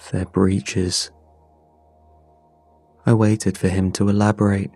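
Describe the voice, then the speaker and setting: A man narrating a scripted horror story in a measured, somber way. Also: fairly low pitch, dark tone, no echo.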